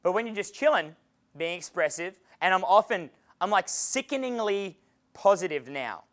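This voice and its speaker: Expressive and high-pitched, this male dating coach lectures at a moderate pace with a fairly bright tone during a seminar. He chats casually, swears liberally, and chuckles at the stories he shares.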